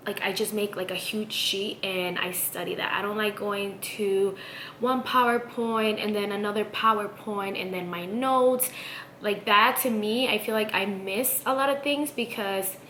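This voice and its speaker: A woman's voice: mid-range voice, fairly bright tone, slight background noise. A young adult woman chatting casually and upbeat in a home vlog as a student, full of "like" and "literally". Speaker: student vlogger. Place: at home, indoors.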